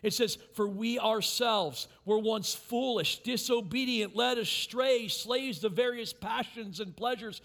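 A pastor with a notably high voice preaches to his congregation. He drops to near-whispers for intimate points, then rises loud and impassioned when voicing a plea. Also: unhurried, hardly any pauses. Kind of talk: sermon.

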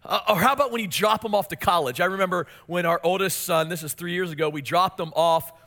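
A man's voice: sits high, fast. A man in his forties preaching a sermon, telling family stories and asking his listeners questions. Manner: storytelling, animated, asks the congregation questions. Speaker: pastor.

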